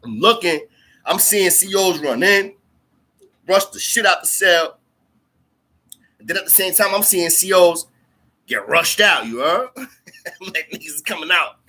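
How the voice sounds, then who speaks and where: A man's voice: sits high, lively intonation, unhurried, long pauses, sharp tone. A man telling a story in casual, slangy speech full of fillers and profanity. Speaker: storyteller recounting jail time.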